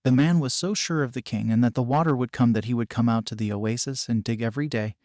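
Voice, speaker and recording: A man giving steady storybook narration of a fan story. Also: mid-range voice, quick pace, dry recording.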